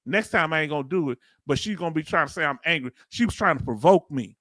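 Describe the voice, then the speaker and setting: A middle-aged American man hosts a casual YouTube live stream reacting to a hearing, reading comments, joking and calling his viewers family. His voice is a little high, animated, quick and fairly bright, recorded dry with clean studio sound.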